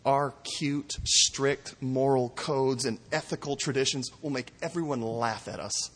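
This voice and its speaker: A man preaching a sermon with an emphatic, mocking delivery that swings between loud exclamations and hushed asides. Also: mid-range voice, a little slow, few pauses, in a large hall. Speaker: pastor.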